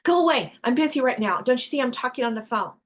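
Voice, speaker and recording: A woman's voice: on the high side, moderate pace, close to an everyday voice. A woman voicing a dismissive mother who brushes off and scolds her child. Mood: scolding. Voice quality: curt, brushing off.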